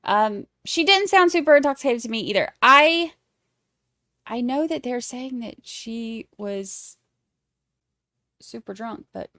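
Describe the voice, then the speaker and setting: A woman's voice: on the high side, animated, a little slow, long pauses, pushed and bright, dry recording, clean studio sound. A woman hosting a casual livestream, chatting with viewers in a snarky, laughing way. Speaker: livestream host. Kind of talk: casual chat with live chat.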